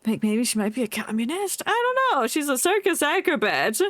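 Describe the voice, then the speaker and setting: A woman's voice: a little high, very animated, brisk, fairly bright tone, no echo. A woman streaming a game, chatting and reacting playfully with frequent giggles. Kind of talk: casual game commentary.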